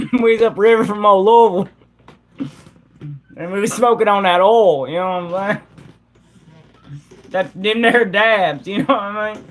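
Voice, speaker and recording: A live streamer putting on the voice of a rowdy old country man who tells a moonshine story in a slow, chuckling drawl. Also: medium pitch, slight background noise, natural voice. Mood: boastful.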